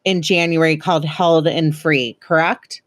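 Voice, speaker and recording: A woman's voice: low-pitched, fairly even intonation, measured pace, no room sound, studio quality. A woman, hosting a podcast in casual, joking chat. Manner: chatty, joking and sarcastic. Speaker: podcast host.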